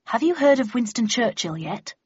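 Older father, read by a woman, wry and calm, slow dry delivery, dry close sound. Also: a little high, breathy edge, no echo, lo-fi sound, voice pushed up, full character voice. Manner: measured, dry and unhurried.

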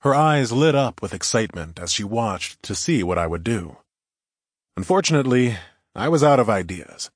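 A man's voice: medium pitch, sing-song, moderate pace, no echo, studio quality. A man narrating a first-person adventure story in a wry, conversational way.

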